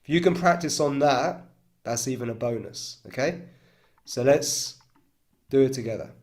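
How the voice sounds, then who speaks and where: A man's voice: mid-range voice, moderate pace. A man guides a breathwork and chanting practice in an easy, reassuring way. He demonstrates the tones himself between his explanations. He keeps checking in with his listeners as he goes. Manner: calm coaching with frequent "okay?" and "right?" check-ins. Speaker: breathwork coach.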